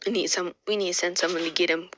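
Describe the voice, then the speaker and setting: A woman retelling the lines of a scheming male villain boss in a hushed, low-key way, close to her own voice. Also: steady tone, quick pace, noisy background, natural voice.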